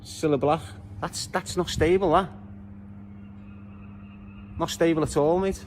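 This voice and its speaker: A street vlogger from Liverpool walks his city, bantering cheekily with the people watching. His voice is on the high side, steady and unhurried, with slight background noise.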